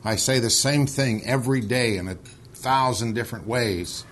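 A man's voice: medium pitch, moderate pace, fairly bright tone, a little hiss or hum. A man leading a Bible study, reading scripture and then pressing his point with urgency, often repeating words. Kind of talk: scripture reading and heated discussion.

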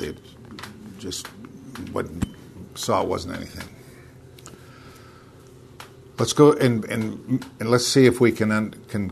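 A man with a low voice preaches a sermon while he feels unwell. He reads scripture aloud in a raised voice and breaks off into halting asides. Faint noise sits under the recording. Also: vocal fry. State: unwell, hurting.

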